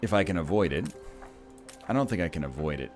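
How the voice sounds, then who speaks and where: Rambling low-voiced man streaming a game. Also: expressive, fast, soft background music. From Canada (Ontario). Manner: rambling, joking asides. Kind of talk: casual gameplay commentary.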